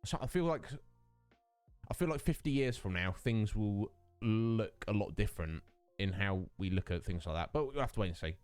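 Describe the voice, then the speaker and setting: A man's voice: lowish voice, animated, moderate pace, a little mellow, smooth, no room sound, faint music behind. A man hosting his own stream, chatting casually with viewers, greeting them by name and laughing often. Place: home streaming setup.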